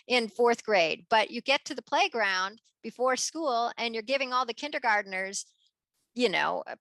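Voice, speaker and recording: Bright, gravelly woman talking animatedly. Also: no room sound. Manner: lively, acts out children's voices with big pitch jumps. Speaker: guest. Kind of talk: animated conversational interview.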